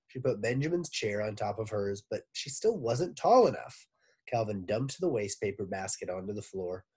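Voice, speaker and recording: Teacher guy reading a kids book aloud, super expressive, kinda husky voice. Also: mid-range voice, normal speed. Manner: expressive, animated narration. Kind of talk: storybook read-aloud.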